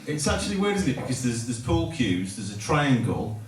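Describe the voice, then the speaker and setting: A man's voice: medium pitch, sing-song, brisk. A middle-aged man doing a stand-up set in a pub, rambling and stopping himself often before landing dry punchlines. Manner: rambling, self-interrupting delivery with dry punchlines. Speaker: stand-up comedian. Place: pub function room at a comedy night. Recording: echoey pub room, from a distance. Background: audience laughter and room noise.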